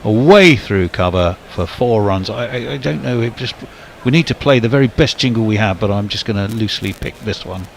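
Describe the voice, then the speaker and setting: Low-voiced male cricket commentator. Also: a little fast, gravelly, hardly any pauses, a little hiss or hum. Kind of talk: ball-by-ball commentary.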